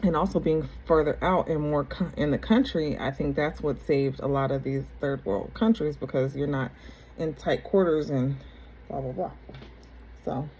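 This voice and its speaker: Her voice is deep and warm at a normal pace as this young adult woman rambles through her own story for the camera, restarting sentences and repeating herself. The audio is poor, carrying a little hiss or hum.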